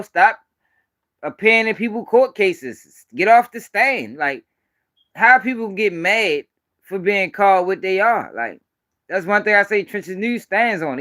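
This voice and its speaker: Pushed and bright, the high-voiced Baltimore commentator delivers casual live-stream commentary full of profanity. He's blunt and leans on emphatic repetition to make his points land.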